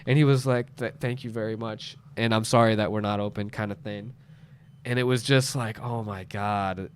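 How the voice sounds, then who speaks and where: With a smooth, lowish voice at normal speed, a podcast host in his late twenties tells a story in easygoing chat. He animates it by acting out others' quotes in raised voices.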